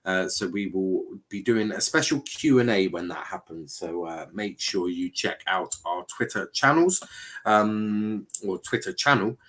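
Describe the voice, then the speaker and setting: A man's voice: deep voice, animated, measured pace, fairly bright tone. A man hosting a casual panel chat, reading out chat comments and teasing his co-host. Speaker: show host.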